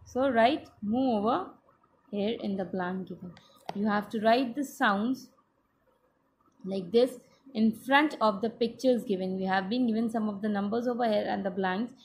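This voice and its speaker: A woman teacher with an Indian English accent, giving a slow, patient class lesson that spells out each step. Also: mid-range voice, darkish tone, a little hiss or hum.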